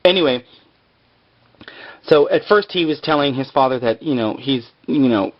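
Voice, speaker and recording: A man at a mid-range pitch talks through a TV episode. His recap rambles, full of "like" and "um" and joking side remarks. The sound is dull and lo-fi, like a cheap home mic. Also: normal speed. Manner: rambling, filler-heavy, joking asides. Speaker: video blogger recapping a TV episode. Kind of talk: casual spoken recap.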